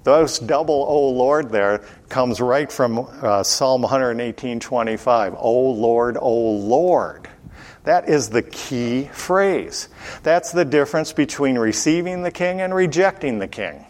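A man teaches through a Bible passage in a mid-pitched voice. He keeps putting questions to his listeners and answering them himself. When he reads scripture aloud, his voice rises. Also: animated, a little slow.

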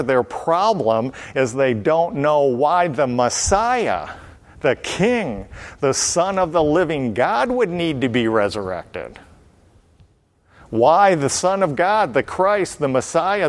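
A man preaching a Bible study sermon, explaining step by step and repeating key phrases for emphasis. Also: mid-range voice.

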